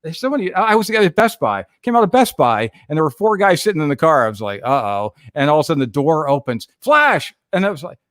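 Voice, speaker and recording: A middle-aged radio host, a man, spins anecdotes in casual chat, jumping into the voices of the people in his stories. His voice sits a bit high for a man and sounds close and dry, with little room around it. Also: fast, hardly any pauses, no echo. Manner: animated storyteller, acts out quotes.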